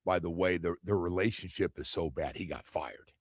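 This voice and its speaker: A man's voice: low-pitched, moderate pace, husky, no echo. Rambling sports radio man, dry studio. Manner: rambling, animated, acts out others' lines. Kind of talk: casual sports talk radio.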